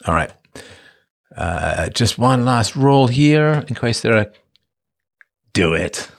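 A man's voice: mid-range voice, very animated, slow pace, vocal fry. A man in his fifties hosting a casual livestream, talking loosely and playfully, joking with viewers and slipping into silly voices. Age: 50s. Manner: playful, jokey, slips into silly put-on voices. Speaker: livestream host.

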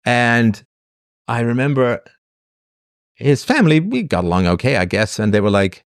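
A man's voice: medium pitch, very animated, normal speed, no echo, clean studio sound. Sardonic man telling comic rants. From England. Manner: sardonic, exaggerated rambling rants. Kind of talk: comic storytelling monologue.

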